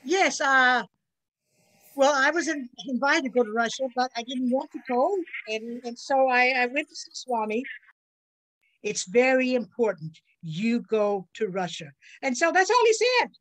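An older woman from the USA, telling personal stories as an interview guest in an earnest, halting way with many restarts. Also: high-pitched, animated, a bit bright, low-quality recording. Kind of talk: personal storytelling.

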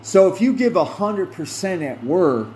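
A man's voice: high voice, very animated, a little slow, darkish tone, slight background noise. A middle-aged man hosting a podcast, telling a personal story in an earnest, emphatic way and repeating phrases for stress. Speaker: podcast host.

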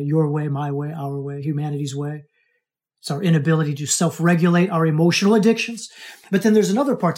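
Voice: medium pitch, a little mellow. A coach giving a casual teaching talk to students, speaking conversationally, checking in with "right?" and often repeating or restarting words. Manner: conversational, keeps asking "right?".

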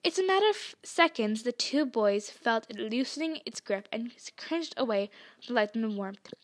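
A woman hosting a podcast and narrating a book chapter in an expressive storytelling manner. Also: on the high side, normal speed. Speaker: podcast reader. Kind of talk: audiobook narration.

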